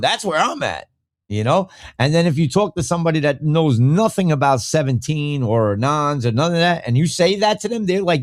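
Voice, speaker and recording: A heated, profane man holds forth on his live podcast, his fairly high voice swinging wildly up and down. The sound is close and dry, with no room around him. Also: lively intonation, fairly quick, dry recording. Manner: reads viewer comments. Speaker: podcast host. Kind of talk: casual live-stream rant.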